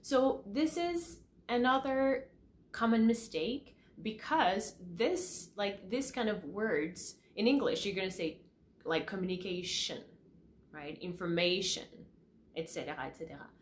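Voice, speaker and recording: A woman teaching pronunciation, repeating each word slowly and checking in with "all right?" after each point. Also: medium pitch, expressive, a little hiss or hum. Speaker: French teacher. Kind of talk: pronunciation lesson to camera.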